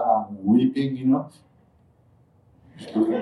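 A man telling a personal spiritual story in a reflective way, dropping to near-murmurs and then suddenly bursting loud as he acts out moments. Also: medium pitch, fairly quick, pauses often, highs cut off. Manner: reflective, drifts quiet then jumps loud when acting out moments. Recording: roomy sound from a distant mic.

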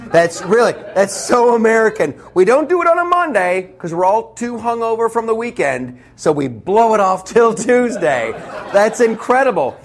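A man doing a sarcastic stand-up comedy monologue, laughing at his own jokes. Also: a little high. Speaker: comedian, podcast host.

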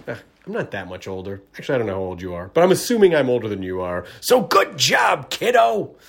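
A man's voice: low-pitched, big pitch swings, racing, darkish tone. A man from Tennessee hosting his own podcast, talking in a rambling, self-correcting, friendly way. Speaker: podcast host. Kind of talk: casual podcast intro.

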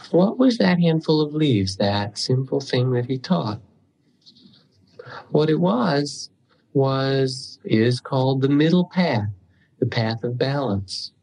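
A man giving a dharma talk as a meditation teacher, telling stories unhurriedly with pauses and the odd throat clearing. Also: medium pitch, lively intonation, a little mellow, poor audio.

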